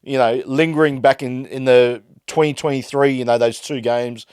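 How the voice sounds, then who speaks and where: Australian male podcast host, exasperated sports-fan rant, mid-pitched, dry recording. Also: fairly even intonation, moderate pace, smooth, no echo. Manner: fired-up, exasperated ranting that swings loud and quiet. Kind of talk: ranting fan commentary.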